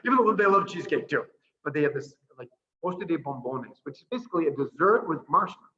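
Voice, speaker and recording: A man who is a priest and orphanage director, chatting casually over a video call, animated and laughing often as he tells stories. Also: on the high side, fast, dull audio. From Boston area. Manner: laughing often, animated storytelling with voiced asides.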